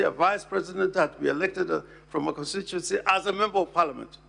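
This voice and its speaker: A man giving a formal address to a Senate hearing as counsel. He speaks in a deliberate, emphatic way and pauses to stress key words. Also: high-pitched, gravelly, bright, forceful tone.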